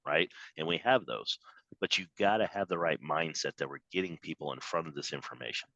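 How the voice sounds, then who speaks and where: A man giving a motivational sales training talk over a video call, emphatic and animated, acting out quoted voices. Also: extremely low pitch, no room sound, muffled recording. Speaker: business trainer.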